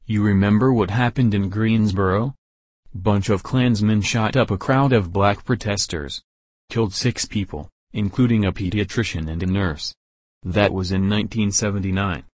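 A man's voice: on the low side, normal speed, no echo, natural voice. A man voicing a blunt state investigator speaking urgently over the phone.

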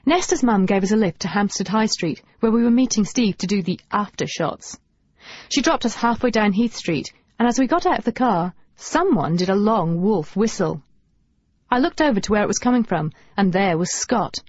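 Woman narrating with lively, wry humour. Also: medium pitch, moderate pace, husky, no room sound. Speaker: audiobook narrator. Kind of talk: first-person novel narration. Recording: dull dry audiobook recording.

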